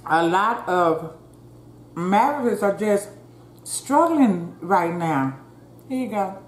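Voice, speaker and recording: Medium in pitch and lively yet unhurried, a woman hosts a mukbang and chats with viewers in a down-home way. She murmurs "mm" as she chews between bites, with roomy echo and a faint ambient backdrop.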